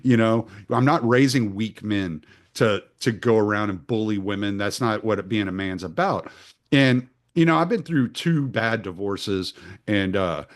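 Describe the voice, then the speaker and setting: A middle-aged man hosting a podcast, telling stories in blunt, profane casual talk that gets animated. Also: fairly low pitch, a little slow. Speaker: podcast host. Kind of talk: casual conversational storytelling.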